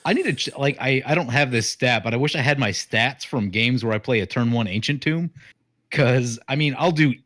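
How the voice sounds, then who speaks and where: A man's voice: medium pitch, a little fast, a bit bright, no room sound. A man chatting casually during an online card game, explaining strategy at length. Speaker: commander player.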